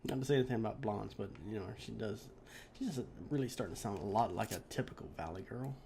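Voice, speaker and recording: A man's voice: fairly low pitch, fast, gravelly, background noise. A man casually commenting on a video game he is playing, rambling with chuckling asides. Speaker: let's play host.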